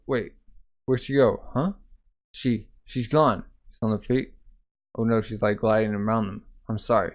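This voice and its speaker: A man's voice: fairly low pitch, darkish tone. A man reading a manga aloud in a casual way, voicing the characters and saying the sound effects himself. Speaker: manga reader.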